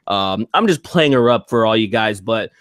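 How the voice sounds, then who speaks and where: Podcast host dude, rambly and foul-mouthed, restarts a lot, dry close sound. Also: male voice, fairly low pitch, expressive, normal speed, a bit bright, no room sound. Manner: rambling, crude, laughs a lot, restarts often. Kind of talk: casual podcast chat.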